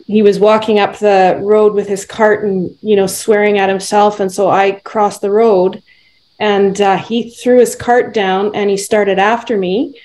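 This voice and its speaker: A woman's voice: mid-range voice, low-quality recording. A woman with a Canadian accent, a senior karate instructor, telling a story as a guest in a casual podcast conversation. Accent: Canadian English. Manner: lively storytelling.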